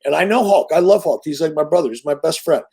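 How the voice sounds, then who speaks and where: In a casual interview, a middle-aged man spins a story at a fast clip, his husky voice pitched a little high and edged with vocal fry. He comes across animated, profane and brimming with salesman-like confidence.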